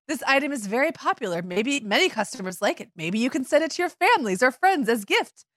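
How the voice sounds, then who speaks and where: A woman's voice: sits high, big pitch swings, fairly quick, fairly bright tone, no echo, studio quality, full character voice. A woman doing a dramatic reading as an overly apologetic female customer service agent, formal and pleading. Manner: formal, pleading, excessively polite.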